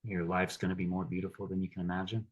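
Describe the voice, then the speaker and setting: A man taking part in a coaching workshop, sharing a personal story in a halting way with many restarts. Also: deep voice, flat delivery, slightly rough, muffled recording. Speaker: workshop participant.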